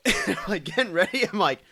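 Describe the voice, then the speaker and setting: A man's voice: high voice, normal speed, vocal fry. A man hosting a podcast, telling stories in casual chat and swearing freely. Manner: swears freely, animated storytelling. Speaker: podcast host.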